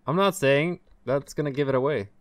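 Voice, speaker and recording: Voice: medium pitch, fairly quick, no echo. A gamer streamer casually chatting with other players over voice chat in a teasing, giggly way, speaking into a desk microphone.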